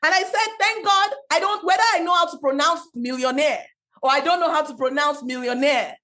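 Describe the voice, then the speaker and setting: A young woman with a non-native English accent, talking passionately on a faith-based podcast in a quick, preachy storytelling way. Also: high voice, bright, forceful tone. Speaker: podcast host, Christian business speaker.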